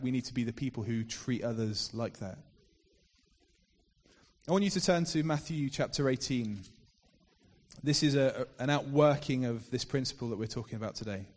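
A man with a fairly high voice preaches to his congregation, telling a parable with animated, swelling emphasis. His voice rings out with a long reverb, as if filling a large hall. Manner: expressive storytelling, rising to loud emphasis in dramatic passages. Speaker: pastor. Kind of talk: sermon.

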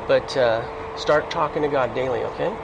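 A man talking gently and encouragingly to someone one-on-one, outdoors by a street, in a played clip. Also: medium pitch, normal speed, creaky, highs cut off, very noisy. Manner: gentle, encouraging, plain-spoken. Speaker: street evangelist. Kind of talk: casual one-on-one talk.

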